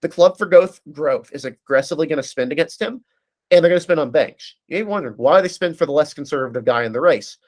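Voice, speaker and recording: A man speaking as a guest analyst in a casual political discussion, breaking down races quickly and often restarting his sentences. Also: fairly high pitch, darkish tone. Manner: fast, analytical, frequent restarts.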